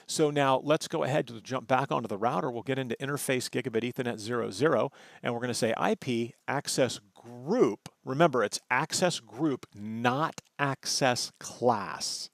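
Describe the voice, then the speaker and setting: A man talks through a screen-recorded lesson as a networking instructor, explaining each step in an easygoing, conversational way. His mid-pitched voice has a gravelly edge. The recording is dry, with no room sound. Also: brisk, no room sound. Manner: conversational, explanatory, checks in with "right?". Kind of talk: screen-recorded tutorial walkthrough.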